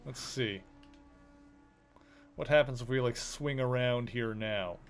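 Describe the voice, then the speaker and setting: A man's voice: medium pitch, takes it slowly, soft background music. A male streamer giving casual commentary as he plays a video game, thinking aloud in a chatty, rambling way.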